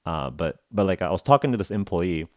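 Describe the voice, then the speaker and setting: A man hosts a podcast of casual storytelling for English learners, speaking in a low-pitched voice a little fast, with no room sound. He's animated as he tells the story, acting out the dialogue with laughs.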